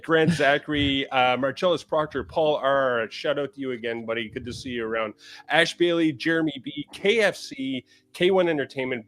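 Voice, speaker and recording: A man from Canada co-hosting a casual collector podcast, talking quickly with lots of fillers and restarts. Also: medium pitch, fairly bright tone. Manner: quick, rambling, many fillers. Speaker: podcast co-host. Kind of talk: casual chat.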